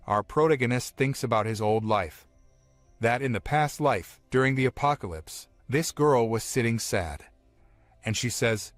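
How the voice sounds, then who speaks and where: A man narrates a comic-book recap in a plain, steady way. His voice sits at an average pitch and sounds dry and close to the mic, with faint background music underneath. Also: measured pace, no echo. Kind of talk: scripted story recap narration.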